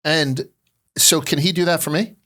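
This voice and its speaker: Blunt, profane New podcast host. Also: male voice, fairly high pitch, normal speed. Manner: blunt, profane, does loud impressions. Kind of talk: casual interview chat.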